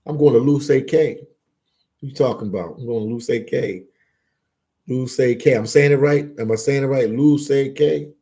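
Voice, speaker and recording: A man with a Philadelphia accent hosts a casual live stream, reading chat aloud and bantering with viewers. His mid-range voice is warm and moderately paced, and he repeats words and phrases as he talks.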